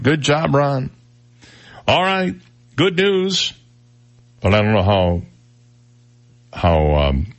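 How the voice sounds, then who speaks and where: A man's voice: mid-range voice, husky. A man hosting a morning radio show, running a call-in quiz and reading news, playful and fond of repeating himself. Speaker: radio talk show host.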